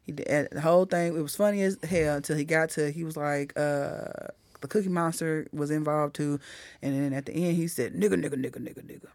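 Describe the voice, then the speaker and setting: A middle-aged woman comedian talking in a casual podcast chat, blunt and animated, swearing freely as she tells stories. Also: deep voice, brisk, no echo. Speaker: comedian guest.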